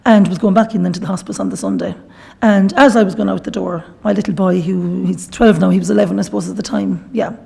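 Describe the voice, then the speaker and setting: Middle-aged Irish woman, Galway lilt, fast chatty storyteller with a husky, gravelly voice. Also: mid-range voice, mellow. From Ireland. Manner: chatty storytelling, acting out quoted dialogue. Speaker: guest speaker. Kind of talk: personal testimony talk. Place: shrine workshop hall.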